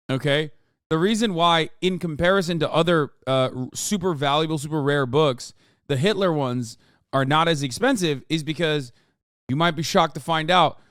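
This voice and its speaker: Sarcastic, incredulous male streamer, smooth voice. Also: on the high side, a bit bright, dry recording, clean studio sound. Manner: incredulous, sarcastic, swearing often. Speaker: streamer reacting to news. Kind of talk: casual reaction commentary.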